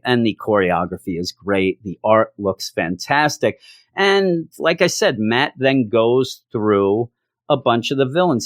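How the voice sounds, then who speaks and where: A man's voice: medium pitch, no echo. A man reviews comics in a loose, joking way and keeps slipping into little voices for the characters. His voice sits in an ordinary middle register. The recording is dry and close, with no room sound. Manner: jokey, animated, acts out quotes from the story. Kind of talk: casual video review.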